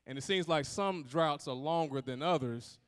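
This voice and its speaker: A man's voice: a little high, normal speed, clear, resonant tone, in a large hall. A man preaching a sermon, talking with his congregation and building in intensity. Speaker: pastor.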